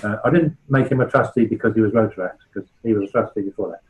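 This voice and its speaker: On a low-quality recording, a man with a lowish, darkish voice talks fast. He's a charity founder in his sixties with a West Country accent, giving a club an informal talk that's chatty and anecdotal, with frequent checks of "right?".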